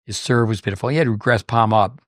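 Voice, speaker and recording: A man's voice: lowish voice, fast, no room sound, clean studio sound. An older man hosting a podcast, telling long rambling anecdotes full of fillers and restarts in casual chat. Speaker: podcast host.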